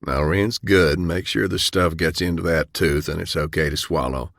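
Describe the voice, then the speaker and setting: Guy doing a grinning country dentist, extra low gravelly-deep voice, bit gleeful, dry close sound. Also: normal speed, fairly bright tone, dry recording, full character voice. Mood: matter-of-fact. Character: jovial small-town man dentist, grinning.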